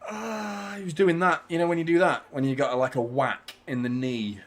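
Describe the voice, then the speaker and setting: Man, live football watchalong host, casual sweary chat, excitable shouting, fairly high voice. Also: normal speed, slight background noise. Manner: excitable, swears freely, shouts at big chances. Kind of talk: live match reaction commentary.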